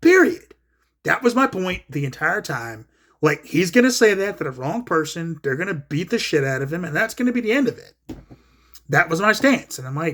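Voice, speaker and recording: A man's voice: on the high side, animated, fairly quick, fairly bright tone. Blunt, profane man ranting solo. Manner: blunt and profane, retelling arguments with quoted back-and-forth. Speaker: solo commentary host. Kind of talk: casual opinion rant.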